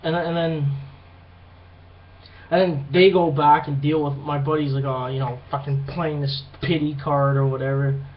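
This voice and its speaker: Young man, high voice, swearing and rambling through a bar story, dull lo-fi recording. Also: normal speed. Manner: profane, rambling, animated retelling. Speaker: vlogger. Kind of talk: casual storytelling monologue.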